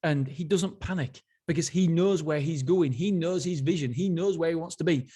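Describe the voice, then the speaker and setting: A man's voice: on the high side, moderate pace, mellow, breathy edge. A man hosting a casual solo book review, enthusiastic and rambling, often restarting his sentences. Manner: enthusiastic, rambling, self-interrupting. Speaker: podcast host.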